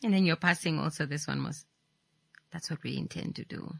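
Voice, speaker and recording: A woman with a Namibian English accent hosting a casual radio talk show, animated and teasing. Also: low-pitched, a little fast, gravelly, noisy background. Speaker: radio host.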